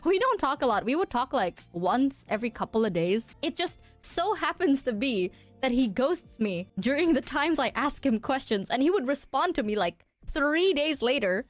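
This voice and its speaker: A young woman VTuber chats on stream with a high, bright voice that jumps all over its range. She tells stories animatedly and acts out what people said. She swears casually, and faint music plays behind her.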